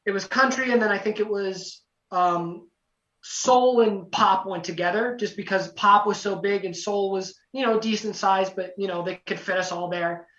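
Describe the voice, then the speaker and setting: A young man telling a casual story as a podcast guest, lively, acting out quotes, with lots of "you know" fillers. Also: high-pitched, normal speed. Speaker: podcast guest, former singing contestant. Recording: roomy, distant, dull lo-fi sound.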